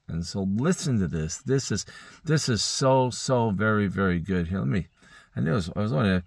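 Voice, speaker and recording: A man's voice: on the low side, no echo, studio quality. A man preaching an early-morning Bible teaching, earnest and rambling, often correcting himself, sleepy and yawning. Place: indoors.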